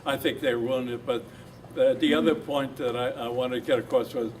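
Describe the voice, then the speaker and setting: A man's voice: medium pitch, fairly even intonation, a little fast. An older man, a veteran from New Jersey, telling his war story at a reunion and acting out the voices he quotes. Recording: distant mic with background noise.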